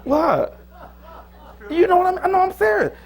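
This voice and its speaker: Animated pastor with a high, lively voice. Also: male voice, moderate pace, vocal fry, a faint crowd. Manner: lively, joking preaching with sudden loud high bursts. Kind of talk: sermon. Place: church.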